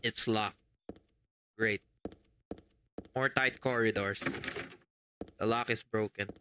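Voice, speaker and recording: A man's voice: on the low side, steady tone, takes it slowly, noisy background. A man doing let's play commentary on a horror game, reading on-screen text aloud and muttering his reactions. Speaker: gamer.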